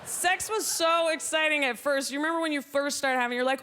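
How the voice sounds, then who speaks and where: On a comedy club stage with a laughing audience, a high-voiced woman performs a stand-up set with a dry delivery that jumps into shrill, loud put-on voices. She talks a little fast with few pauses, over slight hiss or hum.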